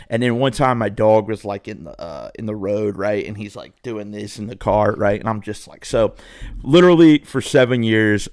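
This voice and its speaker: A man's voice: on the low side, clear, resonant tone, no echo, clean studio sound. A young man telling a rambling, profane story to his viewers in a casual way. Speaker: vlogger.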